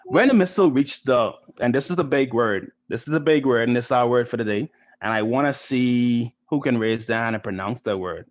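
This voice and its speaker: Reading a story to children via video call, this volunteer art teacher from the Bahamas keeps asking "right?" in his chatty style. His medium pitch comes through a computer mic at a brisk pace, and the audio is dull.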